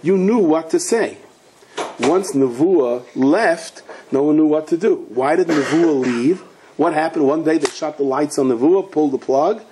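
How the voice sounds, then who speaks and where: A man's voice: fairly high pitch, measured pace, dark tone, a little hiss or hum. A man, a rabbi, giving a sermon in a storytelling way, asking questions and mixing in Hebrew and Yiddish words.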